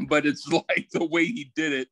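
A man's voice: a little high, fairly even intonation, fairly bright tone, dry recording, rough recording. A man co-hosting a casual podcast, telling anecdotes and laughing at them. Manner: unhurried storytelling, laughing at his own anecdotes. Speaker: podcast co-host. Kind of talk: casual chat.

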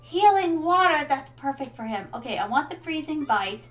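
High-voiced playful woman streamer. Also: expressive, brisk, faint music behind, poor audio. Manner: playful, theatrical, calls viewers "my darlings". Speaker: VTuber streamer. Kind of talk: casual gameplay commentary.

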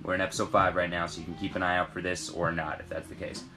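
A young man from Britain, an actor, reading fan questions aloud from his trailer and answering in a relaxed, rambling way. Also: low voice, fast talker, faint music behind. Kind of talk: casual live-stream Q&A. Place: trailer on a film set.

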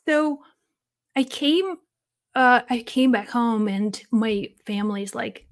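Heartfelt woman with a higher voice. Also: steady tone, slow pace, pauses often. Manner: earnest, heartfelt, with soft laughs and restarts. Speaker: spiritual channel host. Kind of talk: personal storytelling to camera.

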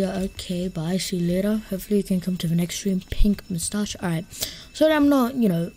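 A woman streaming a game live, chatting casually, greeting and thanking viewers and muttering to herself as she plays. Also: medium pitch. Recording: clear steady background noise.

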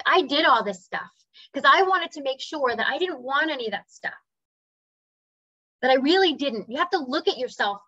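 A woman's voice: high voice, bright, forceful tone, slightly rough, dry recording. A woman sharing a personal story in a casual, earnest talk, now and then acting out voices and bird sounds. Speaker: spiritual speaker. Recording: slightly dull dry recording.

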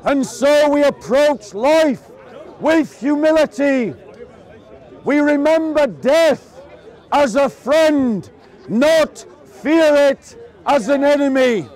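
A man preaching to a crowd in an open-air park, slow and emphatic, often raising his voice. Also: very high voice, expressive, darkish tone. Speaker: street preacher. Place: outdoor public park speaking spot. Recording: outdoors with a crowd murmuring.

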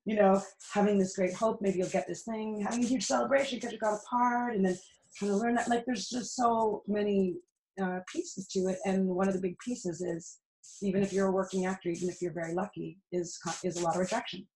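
A middle-aged woman with a Canadian accent talks through her thoughts in an earnest, reflective way and often restarts her sentences. Her voice has a medium pitch for a woman. The sound carries a noticeable room echo. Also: fairly even intonation, fairly quick, darkish tone. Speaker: podcast guest. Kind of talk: casual interview conversation.

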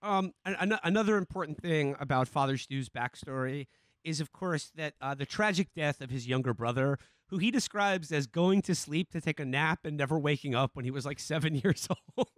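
Halting man on a dry podcast mic. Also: a little high, no room sound. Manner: halting, many restarts and fillers. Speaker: podcast co-host. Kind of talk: casual film-discussion chat.

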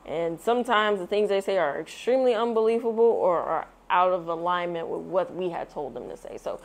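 A woman reading a children's picture book aloud, with expressive storytelling, then sharing her thoughts. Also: fairly low pitch. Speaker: read-aloud host.

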